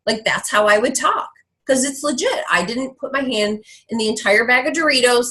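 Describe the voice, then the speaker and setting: A woman giving a blunt, fast-moving motivational talk to a sales team on a call. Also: on the high side, poor audio. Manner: blunt, animated, slangy. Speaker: guest speaker on a team call.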